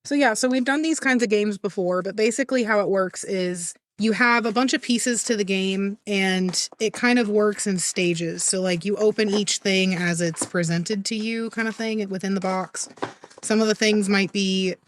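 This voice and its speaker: A young woman co-hosting a podcast in casual chat, easygoing and quick to laugh and agree. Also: medium pitch, fairly even intonation, a little hiss or hum. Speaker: podcast co-host.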